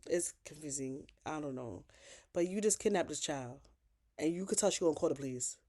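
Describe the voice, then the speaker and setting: A woman YouTuber giving a chatty, profane, lively recap of a TV episode. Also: sits low, a little fast.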